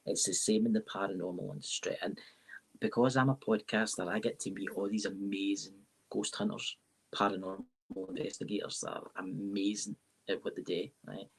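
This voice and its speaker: At a moderate pace and with fairly even intonation, a Scottish man with a lowish, husky, gravelly voice rambles through a live-stream interview. A tarot reader and paranormal podcaster, he often asks "right?" over his live-stream mic.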